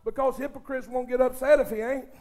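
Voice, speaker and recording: A man preaching a sermon who talks straight to his congregation and swings between hushed, intimate passages and shouted, fervent ones. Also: very high-pitched, steady tone, quick pace, some chatter behind. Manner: addresses the congregation directly, calls for responses.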